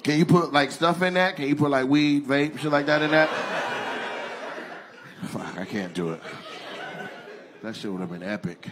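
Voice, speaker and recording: A man's voice: a little high, normal speed, pauses often. A male stand-up comedian doing crowd work, teasing and roasting the front row in a profane style. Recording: live stand-up show with loud crowd laughter.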